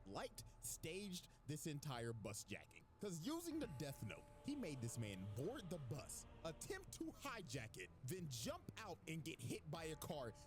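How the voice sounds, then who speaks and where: A man narrating a comedic story recap in an animated, slangy way. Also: a little high, measured pace, few pauses, background noise. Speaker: video narrator. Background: music.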